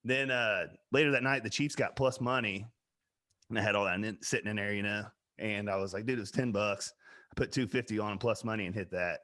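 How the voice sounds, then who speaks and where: A man, co-hosting a podcast in casual chat, telling stories loudly with plenty of laughter and swearing. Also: lowish voice, steady tone, brisk. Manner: loud, laughing storyteller, swears freely. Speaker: podcast co-host.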